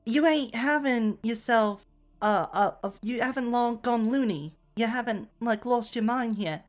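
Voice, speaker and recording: A woman's voice: on the high side, unhurried, faint music behind, voice pushed up, close to an everyday voice. A woman voicing a chatty young woman from London with a put-on London accent, who keeps calling people love.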